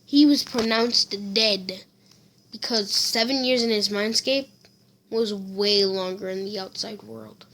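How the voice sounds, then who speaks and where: A woman's voice: medium pitch, steady tone, takes it slowly, fairly bright tone. A woman casually telling a fan story, rambling with fillers and self-corrections.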